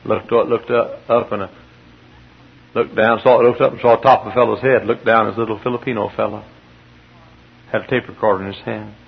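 A man's voice: fairly low pitch, fairly even intonation, a little fast, gravelly, pauses often, slightly rough. A male pastor preaching a sermon in a church, telling a story with emphatic bursts. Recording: dull lo-fi sermon tape with faint hiss.

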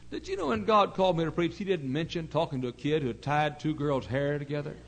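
A middle-aged man pastor preaching a sermon in an earnest storytelling way, dropping to hushed asides and rising to loud emphasis. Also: fairly high pitch, expressive, fast talker, rough recording. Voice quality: gravelly.

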